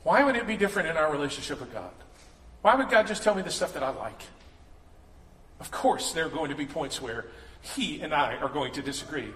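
Bright, high-pitched preacher in an echoing hall. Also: male voice, lively intonation, a little fast. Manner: conversational, joking preacher who acts out quoted voices. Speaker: pastor. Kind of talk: sermon. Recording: echoey hall, long reverb.

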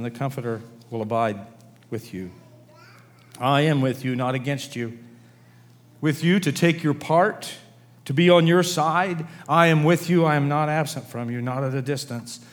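A man delivers a sermon in an earnest, steady way, reading passages aloud as he goes. His voice sits at a middle pitch. It rings out with the long reverb of a large hall. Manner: earnest preaching, reads quotations aloud. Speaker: pastor.

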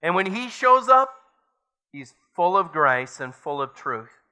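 A man's voice: high-pitched, very animated, slow, pushed and bright, clear, resonant tone. A man preaching a sermon as pastor, reading scripture aloud and building to emphatic points.

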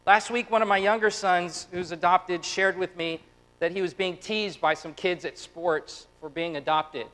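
A man in his thirties preaching a lively, conversational sermon, acting out quotes and turning quiet and tender at personal moments. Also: sits high, moderate pace, rough recording. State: close to tears. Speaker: pastor.

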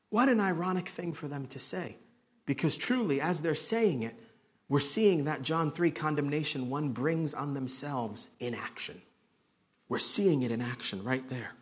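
A man preaching an expository sermon in an earnest, conversational way, dropping to quiet emphasis on key points. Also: on the high side, animated, a little slow, husky. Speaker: pastor.

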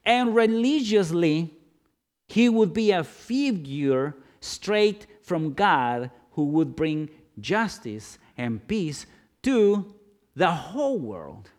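Male preacher, slightly high voice, slow and theatrical sermon delivery. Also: sing-song. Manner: dramatic, swings from loud questions to hushed low lines.

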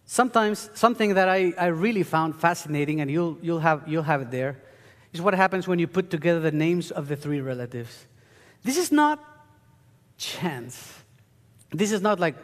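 A man's voice: fairly high pitch, animated, moderate pace. A man preaching a sermon, teaching earnestly and rising into emphatic bursts. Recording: long hall reverb.

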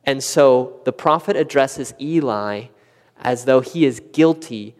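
A man preaching a sermon, animated and acting out quoted questions with a rising voice. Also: mid-range voice, takes it slowly. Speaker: pastor. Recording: long church reverb.

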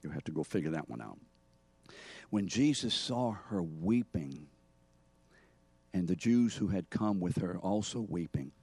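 A man's voice: deep voice, mellow, husky, dry recording. A man preaching a sermon, teaching and calling on members of the congregation by name to answer his questions. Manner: teaching preacher who quizzes listeners by name. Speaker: pastor.

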